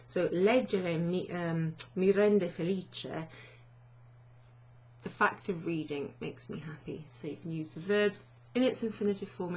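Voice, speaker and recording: Gravelly-voiced woman teaching a language lesson. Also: fairly low pitch, a little mellow. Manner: chatty, self-deprecating, asks learners questions.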